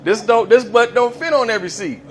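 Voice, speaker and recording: A man hosting a restaurant comedy night, out of breath and mocking himself in a lively storytelling way. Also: extremely high pitch, brisk. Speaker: comedy show host and comedian. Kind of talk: stand-up comedy set. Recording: live room with audible crowd.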